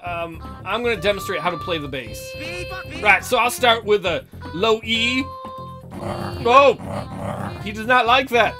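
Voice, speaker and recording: A man's voice: high-pitched, expressive, unhurried, pauses often, music in the background. A man hosting a let's play, rambling and joking with constant profanity. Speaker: gaming video host.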